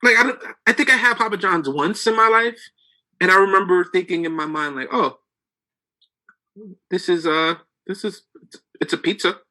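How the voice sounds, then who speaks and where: Young male co-host, casual sarcastic chat, tense bright tone, slightly high. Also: moderate pace, long pauses, poor audio. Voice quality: laid-back, sarcastic, says bro a lot. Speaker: podcast co-host.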